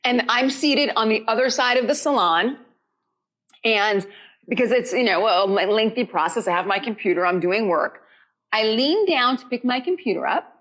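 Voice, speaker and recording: Woman, salon guest, husky voice, high and swooping, theatrical storyteller who laughs a lot. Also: normal speed. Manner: lively, dramatic, acts out quotes, laughs often. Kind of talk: animated storytelling chat.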